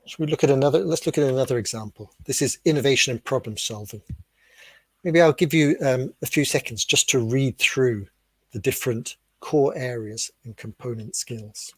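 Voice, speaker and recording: A man with a British accent explaining ideas to teachers in a webinar, asking rhetorical questions in a steady, clear teaching tone. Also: medium pitch, normal speed, no echo. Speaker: webinar speaker on teacher development. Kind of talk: explanatory lecture.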